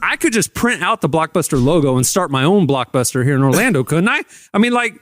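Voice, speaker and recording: A man co-hosting a casual podcast, teasing and joking quickly with the others. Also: on the high side, very animated, fairly bright tone. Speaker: podcast co-host. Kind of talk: casual chat.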